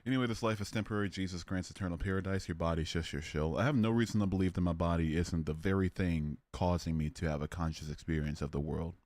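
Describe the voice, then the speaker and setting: A man's voice: low voice, fast talker, hardly any pauses, darkish tone, dry recording. A young man hosting a live stream, chatting casually with viewers and mocking trolls in the chat. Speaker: livestream host.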